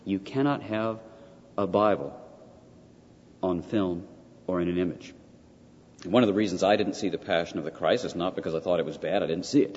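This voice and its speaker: An older man delivers a theology lecture in a fairly low voice, pressing his points with repetition and rhetorical questions. The recording is dull and lo-fi. A long reverb trails behind him, as in a large hall. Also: a little mellow, slight background noise. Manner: emphatic, repeats key points, rhetorical questions.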